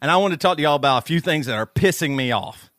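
Podcast co-host, male, high bright voice, animated ranting storyteller, dry mic. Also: fast, no echo, soft background music. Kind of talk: casual chat. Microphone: studio microphone.

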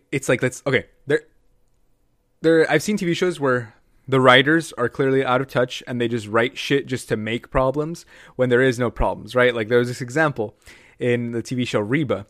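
A man's voice: mid-range voice, fairly quick, fairly bright tone, dry recording, clean studio sound. A young man chatting casually, ranting with lots of swearing and acting out quoted characters in mocking voices. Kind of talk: casual podcast chat.

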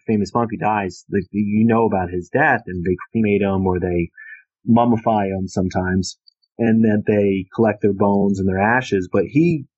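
An author tells a long, rambling story about his book, speaking casually with many fillers. His voice is fairly low with a breathy edge, and the recording sounds dull and lo-fi.

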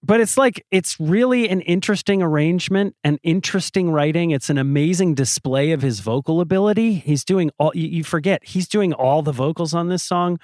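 A man's voice: on the high side, fairly quick, few pauses, a little mellow, no room sound, clean studio sound. Easygoing man co-hosting a music chat. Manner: easygoing, thoughtful, asks questions. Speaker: podcast co-host. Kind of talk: casual music discussion.

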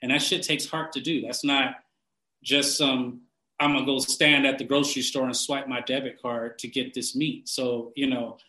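A man ranting casually and bluntly, swearing constantly, laughing often and getting animated when he mocks people. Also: mid-range voice, moderate pace, reverberant, poor audio. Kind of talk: casual profane rant.

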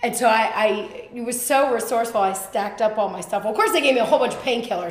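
A woman telling a personal story as a podcast guest, animated and quick, with lots of fillers. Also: on the high side, echoey room, slight background noise.

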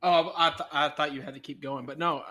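A man co-hosting a podcast, with a slightly high, bright, forceful voice. He talks in a laid-back way, swears casually, and laughs easily. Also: fairly even intonation, brisk. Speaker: podcast co-host. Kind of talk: casual chat.

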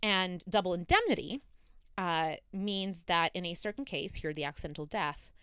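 A woman's voice: fairly low pitch, lively intonation, moderate pace, a bit bright, smooth, no echo. A young adult woman hosting a podcast, telling a true-crime story in a chatty way full of fillers. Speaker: podcast host. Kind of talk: casual true-crime narration.

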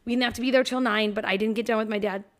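A woman's voice: on the high side, fairly even intonation, rapid-fire. A woman in her thirties co-hosting a casual podcast, telling a story with plenty of swearing and acting out the people in it. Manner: swears freely, acts out quoted people when telling stories. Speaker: podcast co-host. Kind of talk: casual chat.

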